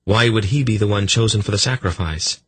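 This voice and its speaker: A man's voice: lowish voice, moderate pace, breathy edge, dry recording. A man doing an anxious young king. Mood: worried. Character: urgent young male king, worried.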